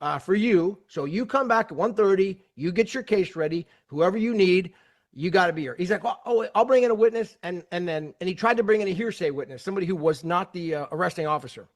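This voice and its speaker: A man's voice: high-pitched, fast talker. A man hosting his channel, casually retelling a court hearing and acting out the people in it, with many restarts. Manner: animated, acts out quoted voices, many restarts. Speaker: host retelling a court case. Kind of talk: casual storytelling commentary.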